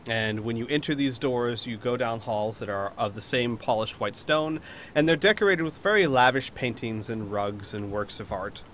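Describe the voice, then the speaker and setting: A man's voice: medium pitch, normal speed, a bit bright, slight background noise. A man narrating a tabletop role-playing game as game master, rambling at times with fillers and restarts.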